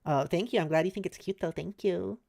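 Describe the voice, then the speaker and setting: An American woman streaming, chatting casually with viewers; she talks fast, slurs her words a little and fills her speech with "like". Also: on the low side, vocal fry, a little mellow. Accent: American, maybe New England. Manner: reassuring, chatty, lots of "like" fillers. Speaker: streamer reading a webcomic aloud.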